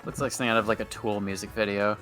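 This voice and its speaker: A man's voice: fairly low pitch, level tone, very fast, over music. A young man chatting casually on a stream, telling stories animatedly, laughing a lot and saying "like" often. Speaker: guest on stream. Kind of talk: casual chat.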